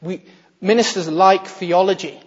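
A man's voice: high voice, fairly even intonation, measured pace, husky. Man preaching in an echoey hall. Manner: emphatic, with rhetorical questions and hushed quotes. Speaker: minister. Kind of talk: sermon. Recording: muffled, echoey hall recording.

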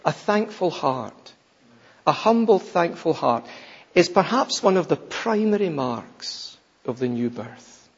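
A man preaching a sermon, slow and emphatic, with sudden loud rises and hushed drops. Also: on the high side, sing-song, husky. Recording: dull, lo-fi recording in a reverberant hall.

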